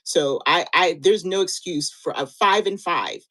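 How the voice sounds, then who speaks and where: A woman in her fifties co-hosts a live-stream sale, chatting in an encouraging, motivational way and frequently restarting her sentences. Her voice is on the low side with a sharp tone, her pace measured, and the recording quality low.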